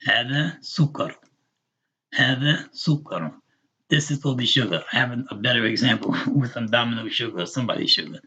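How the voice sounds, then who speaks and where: Husky man teaching a slow patient class. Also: medium pitch, expressive, sharp tone. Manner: patient, repeats words slowly for learners. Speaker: Arabic teacher. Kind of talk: online class lesson. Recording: dull lo-fi recording.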